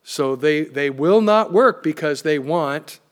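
A pastor preaching a sermon, emphatic and plain-spoken, with joking asides. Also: male voice, a little high, animated, takes it slowly.

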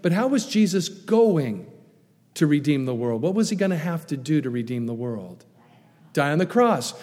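Guy preaching, kinda high voice, lots of drama in it, big reverb hall sound. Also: moderate pace. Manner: animated preaching, acts out the tempter's voice. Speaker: pastor. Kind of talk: sermon.

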